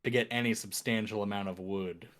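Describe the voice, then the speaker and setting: A man as game master, describing a scene in a tabletop game with many pauses, fillers and restarts. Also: on the low side, fairly even intonation, a bit bright.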